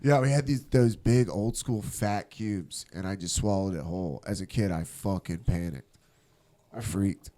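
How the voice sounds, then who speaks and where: A man's voice: sits low, unhurried, warm tone. A man in his thirties, a podcast host, telling stories in casual chat, swearing a lot and acting out quotes.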